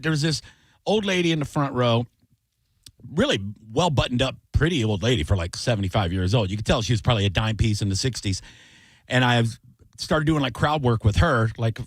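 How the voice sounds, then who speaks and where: A middle-aged comedian spins a long story into a studio microphone. He talks in an ordinary mid-range voice and breaks into loud, high-pitched impressions of the people in it. The room sounds dry and close. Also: moderate pace, no room sound. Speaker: comedian guest. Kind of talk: storytelling on a radio talk show.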